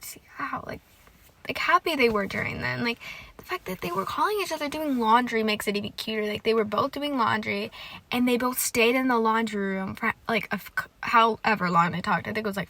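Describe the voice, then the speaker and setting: A young woman hosting a casual solo podcast, gushing excitedly with lots of "like" and swearing. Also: a little high, creaky, dry recording. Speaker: podcast host. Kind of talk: casual solo podcast chat about a TV show.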